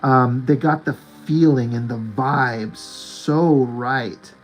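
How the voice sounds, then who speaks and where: A man's voice: medium pitch, takes it slowly, soft background music. Host type: fortyish guy, loose enthusiastic fan chatter, plenty of "like", mid-range voice. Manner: rambling and enthusiastic, full of "like". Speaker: artist and channel host. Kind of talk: casual chat about movies and comics.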